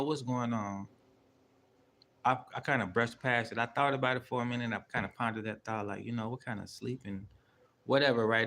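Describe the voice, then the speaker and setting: A channel host with a mid-range, slightly bright voice spins a casual story, rambling loosely in slang and swearing heavily, full of fillers and asides. A little hiss or hum sits under the recording.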